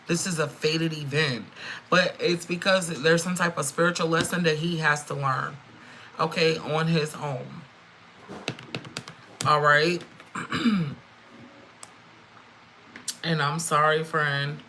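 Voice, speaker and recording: A middle-aged woman giving a frank, swearing, animated live-stream tarot reading, calling her viewers girl and friend. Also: low-pitched, slow pace, pauses often, slight background noise, rough recording. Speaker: tarot reader.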